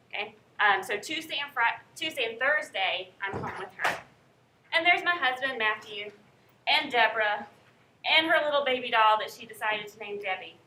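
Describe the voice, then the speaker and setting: A woman's voice: a little high, bright, forceful tone, a little hiss or hum. A young woman from North Carolina with a Southern accent, a college professor chatting upbeat with her class and calling roll in a classroom. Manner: upbeat, chatty, checks in with "okay?". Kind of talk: first-day class introduction and roll call.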